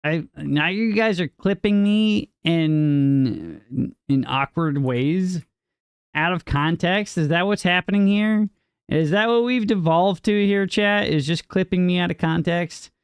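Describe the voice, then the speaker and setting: A young man streaming a game and bantering with his chat, playful and mock-indignant. His voice is gravelly and sits a bit high, rising and falling a lot as he talks. The sound is close and dry. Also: takes it slowly, no room sound. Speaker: livestreamer. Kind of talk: casual live-stream chat, reading and answering chat.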